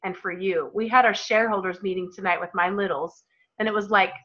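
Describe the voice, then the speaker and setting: Woman, thirties, bright forceful voice, fervent pep talk, dull lo-fi call audio. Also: medium pitch, fairly even intonation, a little fast. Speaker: team leader on a call. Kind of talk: motivational team call.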